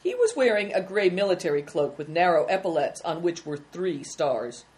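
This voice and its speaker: A woman narrating a children's story in a measured, expressive reading. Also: lowish voice.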